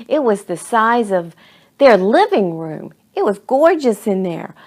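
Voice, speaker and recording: A woman reading a children's story aloud in an expressive, dramatic way. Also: lowish voice, gravelly.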